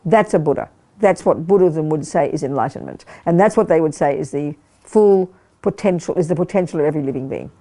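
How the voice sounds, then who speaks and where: Emphatic woman teaching with dark, mellow voice. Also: low voice, expressive, fairly quick. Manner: emphatic, repeats words for stress, checks in with listeners. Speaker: Buddhist teacher. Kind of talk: dharma teaching to a live group. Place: meditation hall of a study group.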